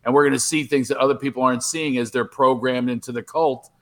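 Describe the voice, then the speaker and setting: A middle-aged comedian talking on a podcast interview by remote call, rambling and animated, with many restarts. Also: male voice, medium pitch, quick pace. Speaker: comedian guest.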